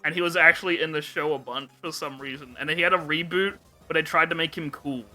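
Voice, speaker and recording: Young guy hosting a podcast, super bright sharp voice, joking and swearing a lot. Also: fairly high pitch, fast, faint music behind. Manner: animated joking retelling with swearing and laughs. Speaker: podcast host. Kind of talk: casual podcast chat.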